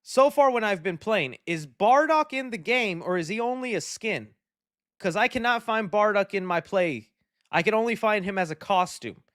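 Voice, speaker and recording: Male livestream host with a high, bright-pitched voice; relaxed and chatty, dry close sound. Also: normal speed, no echo. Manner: relaxed, friendly and chatty, trailing off often. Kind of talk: casual livestream chat, reading viewer donations.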